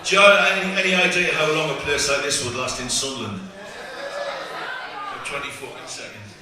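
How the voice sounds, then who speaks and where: A man's voice: on the high side, steady tone, brisk, heavy background noise. A middle-aged man, joking and swearing with the crowd between songs at a live gig. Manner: jokey, sweary, chatting with the crowd. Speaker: singer-guitarist on stage. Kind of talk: stage banter between songs. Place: theatre stage, live gig. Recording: echoey live venue, heard from far off.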